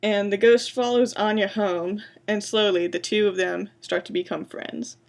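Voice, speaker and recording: A woman giving a booktalk presentation, introducing books and reading excerpts aloud in a quiet, measured way. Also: mid-range voice, steady tone, vocal fry. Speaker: library science student presenting books.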